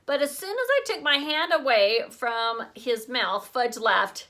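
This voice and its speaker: A teacher reading a children's chapter book aloud in an expressive, lively way. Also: female voice, on the high side, unhurried, few pauses.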